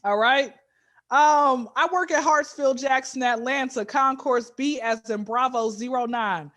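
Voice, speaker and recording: Speaking at a normal pace, this Georgia, USA native has a high voice and is on as a comedy guest. She jokes her way through casual stories with lots of animation and sudden loud emphasis.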